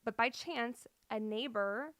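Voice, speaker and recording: A woman's voice: a little high, takes it slowly, a bit bright, no echo. A young adult woman hosting a podcast, telling a true-crime story with nervous laughs and apologetic asides. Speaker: podcast host.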